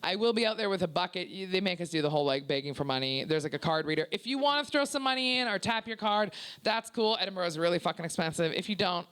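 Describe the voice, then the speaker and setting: A woman's voice: on the low side, animated, quick pace, few pauses, fairly bright tone, clear, resonant tone. A young woman doing a crude, brash stand-up set at a small comedy venue, often laughing at her own jokes.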